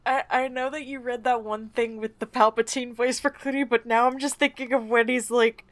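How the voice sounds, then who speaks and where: A woman's voice: on the high side, normal speed. A young woman co-hosting a podcast in casual chat, laughing often. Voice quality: laughs often, lively intonation. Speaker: podcast co-host.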